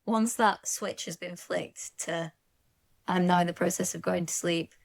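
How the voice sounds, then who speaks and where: A woman's voice: fairly low pitch, fairly even intonation, measured pace, vocal fry. A woman co-hosting a podcast in casual chat, frank and chatty, laughing often. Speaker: podcast co-host.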